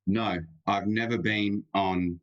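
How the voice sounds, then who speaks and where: An Australian man talks as a guest on a live stream, earnest and emphatic. His voice sits low. The sound is dull and lo-fi. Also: steady tone, takes it slowly. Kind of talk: casual live-stream chat.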